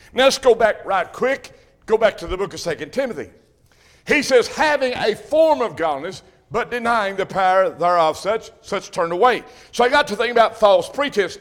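High-voiced emphatic preacher. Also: male voice. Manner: emphatic, repetitive, rising to shouts. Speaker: Baptist preacher. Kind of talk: sermon.

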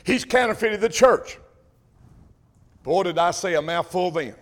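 Preacher, man, high-pitched, fervent and repetitive, pulpit sermon. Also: lively intonation, measured pace. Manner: emphatic, repetitive, rising to shouts. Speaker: Baptist preacher.

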